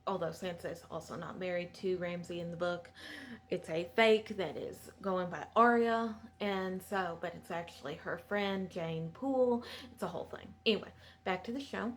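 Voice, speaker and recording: A woman's voice: lowish voice, steady tone, normal speed. A woman giving a chatty, digressive recap of a TV episode in a sympathetic tone. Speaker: show recapper.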